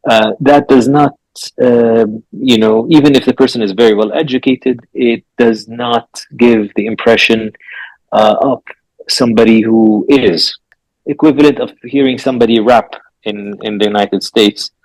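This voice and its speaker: A man explaining with many filler pauses. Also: mid-range voice, fairly even intonation, darkish tone, no room sound, poor audio. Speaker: author guest. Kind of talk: radio interview.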